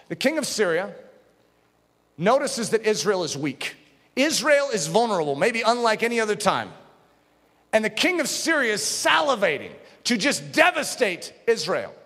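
A man preaching a sermon as pastor, impassioned, dropping to a hush and rising to shouts. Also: high-pitched. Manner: impassioned, swings from hushed to shouting. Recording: long hall reverb.

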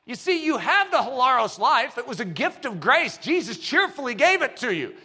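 An animated middle-aged male preacher with a high, lively voice that leaps about in pitch. His tone is bright and forceful, and he swings from quiet asides to shouted declarations. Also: normal speed, husky. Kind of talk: sermon.

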